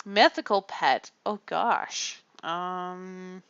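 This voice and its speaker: A woman's voice: fairly low pitch, drawn-out words, a bit bright, clear, resonant tone, no echo. A woman from Canada chatting casually on a livestream, rambling and self-deprecating and often laughing. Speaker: streamer. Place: home room. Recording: muffled lo-fi mic.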